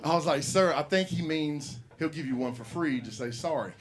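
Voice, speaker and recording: A man's voice: fairly high pitch, moderate pace. A man hosting an open mic comedy night, telling a rambling, profane story to the crowd. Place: comedy club. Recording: live room with audience.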